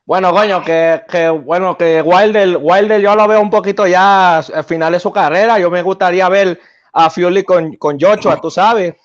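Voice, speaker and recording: A man's voice: sits high, steady tone, brisk, close to an everyday voice. A man putting on a boastful, joking aging male boxer, heard over dull call audio. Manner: playful, brash. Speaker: livestream guest. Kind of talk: comic impression.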